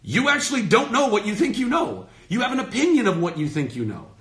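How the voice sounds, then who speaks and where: A man in his thirties speaks in a fairly high, very lively voice, talking fast and loose on a phone livestream. He rants with real passion and drops curse words for emphasis. The room around him sounds echoey. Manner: passionate, emphatic, swears freely. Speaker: host of his own livestream Q&A. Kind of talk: heated off-the-cuff rant to followers.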